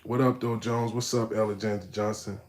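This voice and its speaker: A man reacts to a video during a casual live stream, talking fairly quickly to his chat in street slang. His mocking, animated delivery swings from low muttering to sudden loud bursts.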